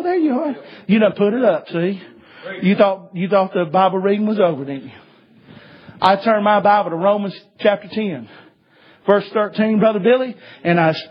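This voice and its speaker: A man preaching a sermon, telling stories fervently and rising to shouts. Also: high-pitched, husky, lo-fi sound. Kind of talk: sermon with storytelling.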